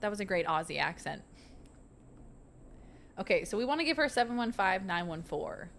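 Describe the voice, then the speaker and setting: A woman's voice: mid-range voice, big pitch swings, moderate pace, fairly bright tone, slight background noise. A woman streaming a video game, chatting casually and reading the game's text aloud with jokey asides. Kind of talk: casual let's-play chat.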